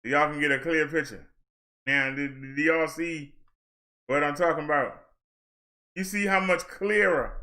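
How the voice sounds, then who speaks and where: A man's voice: a little high, sharp tone. A man vlogging in a loose, chatty way, repeating himself and talking straight to his viewers on a helmet-mounted camera. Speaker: vlogger and minister. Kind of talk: casual chat to viewers.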